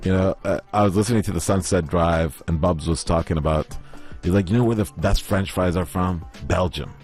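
A man's voice: deep voice, fairly quick, darkish tone, faint music behind. A man from Oman co-hosting a casual chat, telling stories and acting out what people said. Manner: storytelling, puts on voices when quoting people. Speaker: podcast co-host.

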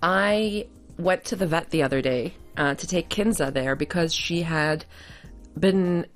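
A woman's voice: fairly low pitch, unhurried, faint music behind. A woman co-hosting a casual chat, telling stories with playful asides. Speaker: podcast co-host.

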